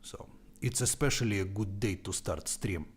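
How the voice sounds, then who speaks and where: A man's voice: fairly low pitch, moderate pace, slightly rough. A young man with a Russian accent, chatting informally on his live stream and dropping in Russian words. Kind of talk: casual live stream chat.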